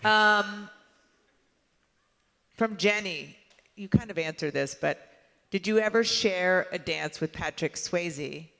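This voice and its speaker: A woman interviewing a guest on stage, asking brisk questions. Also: lowish voice, creaky, pushed and bright. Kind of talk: onstage interview. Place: large event hall. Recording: long hall reverb.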